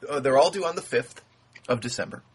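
A man's voice: medium pitch, expressive, fairly quick, breathy edge. A young man hosting a podcast in casual banter, with a wry, mock-grandiose manner. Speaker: podcast host.

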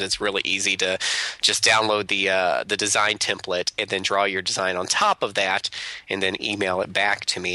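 A man chatting casually as a podcast co-host, with a very bright, forward tone. He rambles and stops often to fill pauses, and his mic sounds dry and close. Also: fairly low pitch, no echo. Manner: rambling, many filler pauses. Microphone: remote call.

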